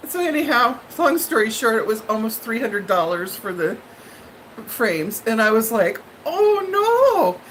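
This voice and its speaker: A woman hosting a live stream, telling viewers a story in a dramatic, animated way and laughing often. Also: medium pitch, moderate pace, slight background noise, rough recording.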